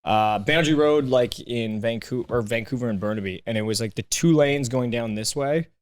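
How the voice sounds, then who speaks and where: A man, a stand-up comedian guest on a podcast, telling stories in a casual, animated way with plenty of swearing, recorded in a podcast studio. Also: mid-range voice, brisk. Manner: animated, swearing, acts out quoted voices.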